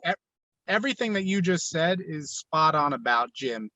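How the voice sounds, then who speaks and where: A man's voice: on the high side, animated, normal speed, pushed and bright, dry recording. A man who is a guest on a podcast, speaking in a friendly, earnest way. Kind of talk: casual chat.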